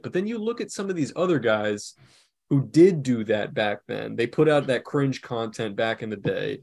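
A man in his thirties co-hosts a podcast in a laid-back, rambling way, with casual swearing. His voice sits at an ordinary middle pitch. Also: lively intonation, normal speed, gravelly, darkish tone. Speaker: podcast co-host.

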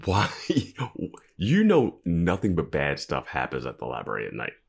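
A man co-hosting a podcast, giving wry, animated commentary in casual chat. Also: extremely low pitch, normal speed, creaky, husky. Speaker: podcast co-host.

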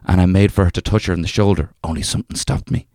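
A young man with a very low voice reads an old folk tale aloud. He does it in a thick storyteller's brogue, stopping now and then for a wry aside. The sound is close and dry. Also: steady tone, fast, a little mellow, dry recording. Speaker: podcast co-host reading a folk tale. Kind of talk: casual podcast chat with dramatic reading.

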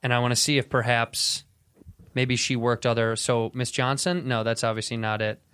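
A man's voice: medium pitch, flat delivery, normal speed, fairly bright tone, clean tone. A man hosting a casual podcast, joking around and pushing his guest on. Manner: joking, pushy, prompting. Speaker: podcast host.

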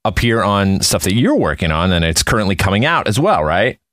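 A man's voice: fairly low pitch, sing-song, a little fast, fairly bright tone, no echo. A man hosting a podcast, upbeat and chatty as he introduces the episode. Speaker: podcast host. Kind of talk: casual chat.

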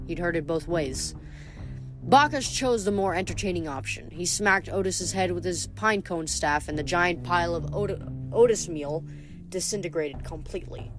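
A woman reading a novel aloud at a steady pace, now and then stumbling and correcting herself. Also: on the low side. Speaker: reader.

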